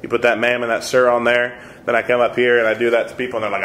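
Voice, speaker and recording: A man's voice: mid-range voice, completely flat delivery, quick pace, fairly bright tone, a little hiss or hum. A man in his thirties teaching an adult Sunday school class in a conversational, earnest way, repeating his points and chuckling at himself. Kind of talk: conversational Bible lesson. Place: church room. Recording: echoey church room.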